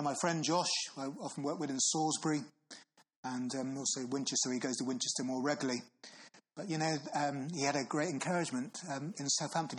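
Earnest preacher, husky voice. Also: male voice, a little high, low-quality recording. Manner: earnest, asks the listener questions with tag phrases; slows down for solemn Bible readings. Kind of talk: sermon.

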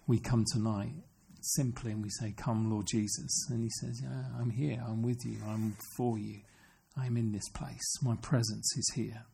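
A man's voice: medium pitch, flat delivery, unhurried, gravelly, hardly any pauses, mellow, a little hiss or hum. A man preaching an earnest sermon, often asking his listeners questions. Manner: earnest, asks the congregation questions.

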